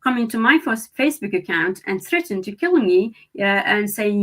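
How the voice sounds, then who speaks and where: A woman's voice: mid-range voice, animated, normal speed, hardly any pauses, fairly bright tone. A woman from Syria, a researcher and therapist, speaking as an interview guest with many restarts and fillers. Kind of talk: interview conversation.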